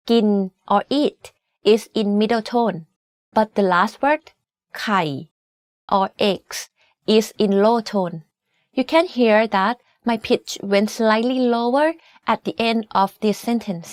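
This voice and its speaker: Clear, bright-voiced woman teaching slowly. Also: a little high, dry recording, clean studio sound. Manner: slow, careful, clearly enunciated explanations. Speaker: Thai language teacher. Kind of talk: scripted language lesson.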